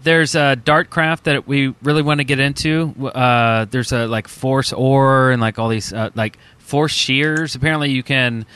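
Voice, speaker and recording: A man co-hosting a casual gaming podcast, excitable and hesitant, full of "uh" and "like". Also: medium pitch, moderate pace, few pauses, smooth. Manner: excitable, hesitant with many fillers. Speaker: podcast co-host.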